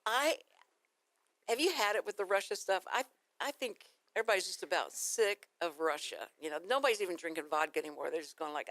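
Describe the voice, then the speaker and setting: A woman's voice: lowish voice, expressive, a little fast, fairly bright tone, no room sound. Chatty Texan woman radio host. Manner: rambling, storytelling, laughs easily. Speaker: radio talk show host. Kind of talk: casual morning radio chat. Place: radio studio. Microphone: studio microphone.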